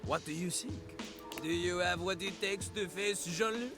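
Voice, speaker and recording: A man's voice: high voice, normal speed, music in the background, lightly acted. An actor playing a boastful male toilet in a video game, talking about himself in the third person with a French accent. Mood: swaggering. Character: cocky male toilet who raps, pompous French-accented.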